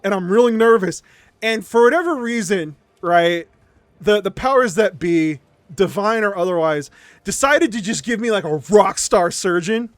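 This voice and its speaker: A man streaming live, telling a story in an animated way, swearing often and laughing between lines. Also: sits high, measured pace, no room sound.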